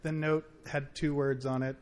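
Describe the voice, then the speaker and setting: A man telling a rambling, animated personal story at a faith gathering, full of fillers and restarts. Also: medium pitch, moderate pace. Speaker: friend sharing a story.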